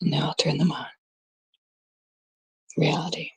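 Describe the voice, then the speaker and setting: A woman's voice: low voice, fairly even intonation, a little slow, gravelly, husky, no room sound. A blunt woman from Canada, talking casually to her live-stream chat in an exasperated way, swearing freely and quoting people mockingly. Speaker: livestream host.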